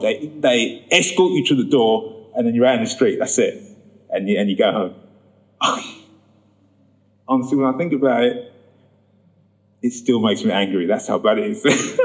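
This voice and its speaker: In a rough recording, a preacher shares his personal testimony during a sermon. He acts out the voices in his story, and his voice climbs high when he gets emphatic.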